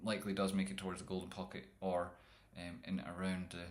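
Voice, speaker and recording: A man's voice: low-pitched, monotone, fast. A man streaming live chart analysis, rambling and jokey with some profanity. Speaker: trading streamer.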